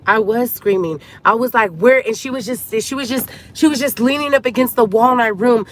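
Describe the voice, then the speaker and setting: A woman's voice: a little high, fairly quick. A hurt woman vents to her viewers in a storytime vlog, calling them girl and sis as she talks. She sounds upset and close to tears, and faint traffic hums behind her. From Cuban family. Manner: venting, talks to viewers as girlfriends. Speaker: vlogger.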